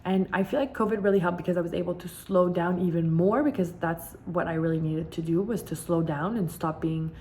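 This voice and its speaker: A young woman talks candidly to her camera, leaning on repeated words for emphasis. Her voice sits a little low for a woman, and a faint noise floor hums under the recording. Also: a little fast, hardly any pauses, darkish tone. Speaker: vlogger. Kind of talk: casual personal storytelling.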